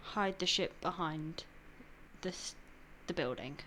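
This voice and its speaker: A woman's voice: on the low side, slow, sharp tone. A young woman playing in a tabletop game, asking questions and talking casually with many fillers. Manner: quizzical, filler-heavy. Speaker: player.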